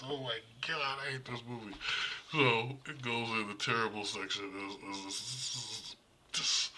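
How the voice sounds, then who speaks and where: A man's voice: lowish voice, lively intonation, moderate pace, creaky, sharp tone, a little hiss or hum, low-quality recording. A man casually reviewing horror movies in a blunt, profane, rambling way, often restarting his sentences.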